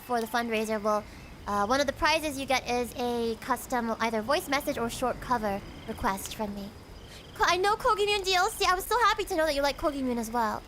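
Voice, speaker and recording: A woman streaming as a VTuber, chatting casually and reading her chat aloud with frequent giggles and quick asides. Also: fairly high pitch, fairly bright tone, a little hiss or hum. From United States.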